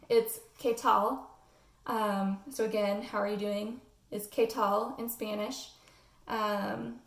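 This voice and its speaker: Casting: American woman with a gravelly edge and a flat tone, student presenter, hesitant, heard from off-mic. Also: on the high side, recorded from a distance. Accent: General American. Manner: hesitant, many "um" fillers. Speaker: student presenting a class assignment. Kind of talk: casual spoken class presentation. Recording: echoey room, voice off-mic.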